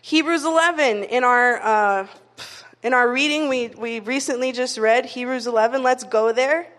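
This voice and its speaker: High-voiced young woman preaching in a hall. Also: moderate pace, a bit bright. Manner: chatty storytelling, frequent "like" fillers. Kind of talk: casual conversational sermon. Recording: long reverb of a hall.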